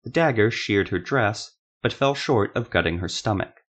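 A man reading fantasy audiobook narration in a measured, dramatic way. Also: lowish voice, animated, fairly bright tone, slightly rough.

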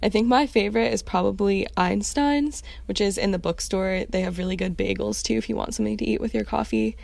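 A woman's voice: medium pitch, a little fast, vocal fry, darkish tone, no echo. A young woman co-hosting a student podcast, recommending places with upbeat enthusiasm. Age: young adult. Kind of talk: casual chat.

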